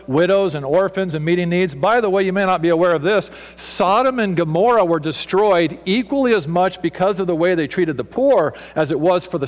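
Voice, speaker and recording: Male pastor, fervent sermon delivery with sharp swings in intensity; reverberant church hall with a mains hum. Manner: impassioned, swings from loud emphasis to hushed low tones.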